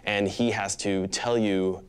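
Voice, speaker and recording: Low-voiced male interviewer. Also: steady tone, slow pace, a little hiss or hum. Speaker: interviewer host.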